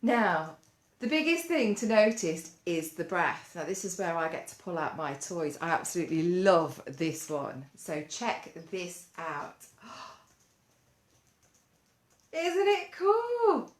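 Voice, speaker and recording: A woman leading a gentle mindfulness lesson for children, coaxing them along with lots of playful questions. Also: fairly low pitch, expressive, unhurried. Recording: roomy echo.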